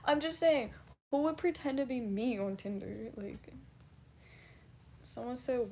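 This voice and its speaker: Woman, livestreamer, gravelly voice, fairly high pitch, casual chat reading, blunt and swearing. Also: expressive, a little slow, pauses often, dark tone, slight background noise. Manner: blunt, laughing, swears freely.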